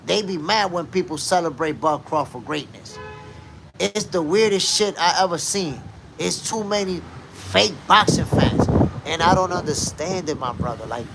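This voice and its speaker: Animated man hosting a boxing stream. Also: on the high side, slight background noise. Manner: animated, emphatic, shouts out chat viewers. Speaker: boxing show host. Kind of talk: casual live-stream commentary.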